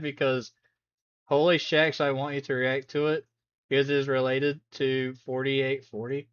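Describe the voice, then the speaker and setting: A reaction host chatting casually and excitedly, with loud sudden outbursts. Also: medium pitch, a little slow, clear, resonant tone. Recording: dull, dry close sound.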